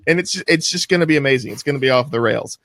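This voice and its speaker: A man's voice: medium pitch, rapid-fire, a bit bright, dry recording. Male talk show host, loose and jokey, dry close sound. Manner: loose and joking, laughs often. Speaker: podcast host. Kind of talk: casual call-in show chat.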